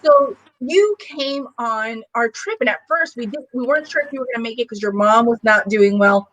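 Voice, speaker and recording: A woman hosting an interview chat over a video call, warm and encouraging with her guest. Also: a little high, expressive, moderate pace, rough recording. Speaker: host.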